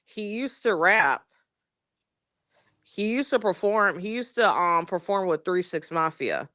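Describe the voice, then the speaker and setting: A co-host in a casual wrestling chat, relaxed, laughing and trailing off. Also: medium pitch, measured pace.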